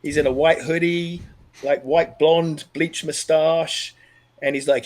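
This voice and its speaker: A man's voice: fairly high pitch, takes it slowly. Earnest Australian man telling a story. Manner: earnest, animated, frequent restarts. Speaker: podcast guest. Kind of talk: reflective storytelling in an interview.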